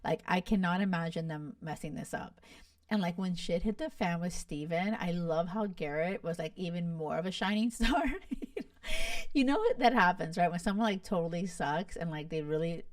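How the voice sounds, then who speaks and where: Speaking at a moderate pace in a lowish voice, a young Miami podcast host gushes about a reality show in casual chat, peppering it with "like" and "you guys." The sound is clean studio quality with no room sound, though the mic is distant.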